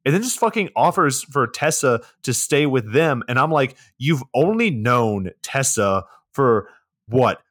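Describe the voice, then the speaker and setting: Male podcast co-host, incredulous and profane, animated pitch, dry sound. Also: unhurried, no echo. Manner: blunt, incredulous, swears often. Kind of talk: casual movie recap chat.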